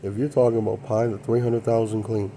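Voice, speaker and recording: A man's voice: lowish voice, little pitch movement, fairly quick, dark tone, slight background noise. A man hosting his own channel, talking in a rambling monologue and often repeating short affirmations. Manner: rambling, repeats "yeah, that's true". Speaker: channel host.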